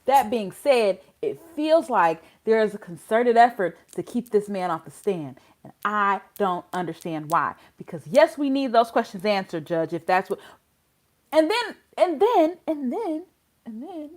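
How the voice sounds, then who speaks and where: A woman's voice: medium pitch, big pitch swings, a little slow. A woman hosting a casual legal commentary channel, exasperated and full of rhetorical questions.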